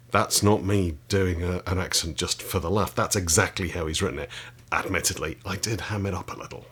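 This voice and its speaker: A man's voice: low voice, steady tone, a little fast, a bit bright, slightly rough. A man reading aloud from an old book and breaking off for dry, wry asides to his viewers. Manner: dry, wry asides between read passages. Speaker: channel host reading from a historical book.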